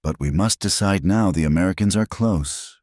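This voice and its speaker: A man voicing a steady young Navajo warrior who speaks in a calm, measured way. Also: sits low, dry recording, clean studio sound. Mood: translating.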